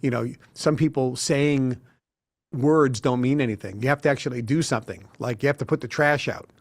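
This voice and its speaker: A middle-aged man as an interview guest, telling lively anecdotes and acting out the people he quotes. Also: mid-range voice, fairly quick. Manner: animated storyteller who acts out quotes. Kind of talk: casual interview talk.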